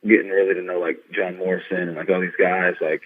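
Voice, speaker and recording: A man talking as a guest on an interview podcast, rambling excitedly and stringing his stories together with lots of fillers. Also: low voice, quick pace. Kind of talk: casual interview chat. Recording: tinny phone-like line.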